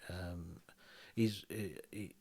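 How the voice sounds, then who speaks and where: Low-voiced man telling a lively story. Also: extremely slow, gravelly, slightly rough. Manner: animated, acts out quoted dialogue, frequent restarts. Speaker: tattoo artist. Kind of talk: casual storytelling chat. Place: podcast recorded on a bus.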